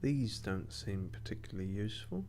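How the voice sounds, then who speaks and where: A man's voice: on the low side, expressive, normal speed, darkish tone, slight background noise. A man streaming a video game, giving casual running commentary in a dry, sarcastic mutter. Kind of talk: casual let's-play commentary.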